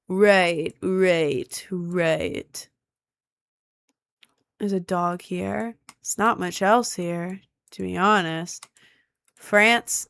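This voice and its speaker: A woman's voice: on the low side, steady tone, drawn-out words, vocal fry, pauses often, a bit bright, clear, resonant tone, no echo. A young woman streaming a map-guessing game, thinking aloud and asking her chat for help in casual gameplay commentary.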